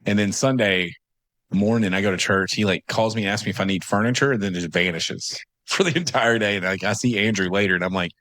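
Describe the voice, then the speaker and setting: A man's voice: fairly low pitch, fairly quick, fairly bright tone, no room sound. A man co-hosting a casual podcast in a studio, telling funny anecdotes with fillers and quoted asides. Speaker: podcast co-host. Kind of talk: casual storytelling.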